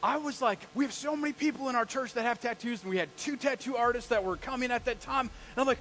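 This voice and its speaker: A man, a pastor, preaching a live sermon, telling stories in an animated way and asking the congregation questions. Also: extremely high pitch, fast, few pauses, rough recording.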